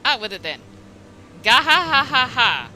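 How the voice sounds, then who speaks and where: A woman voicing a swaggering, taunting male pirate marauder who talks in rough, old-fashioned slang, reading game dialogue aloud. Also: high-pitched, sing-song, unhurried, sharp tone, a little hiss or hum, exaggerated voice, rough recording. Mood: gloating.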